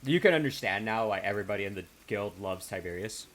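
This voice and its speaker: A man narrating as game master in a tabletop game, casual and halting, with many fillers. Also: on the low side, lively intonation, a bit bright, slight background noise. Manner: casual, halting with fillers, reads letters aloud.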